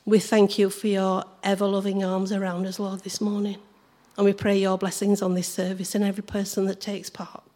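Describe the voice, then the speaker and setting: A hoarse woman leading a church service, opening in prayer and reading scripture aloud. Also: mid-range voice, monotone, fairly quick, few pauses, mellow. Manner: cheerful, prayerful.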